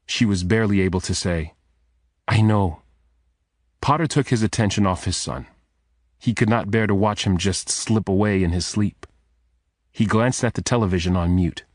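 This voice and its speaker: A man narrating a thriller audiobook in a measured, steady storytelling manner. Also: deep voice, dry recording, studio quality. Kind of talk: scripted narration.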